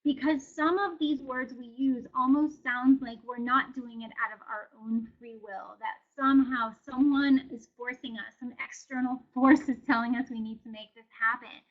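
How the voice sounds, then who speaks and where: A woman's voice: on the high side, fairly even intonation, normal speed, few pauses, phone-quality sound. A woman presenting a wellness webinar, speaking conversationally and encouragingly with frequent fillers. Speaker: wellness educator.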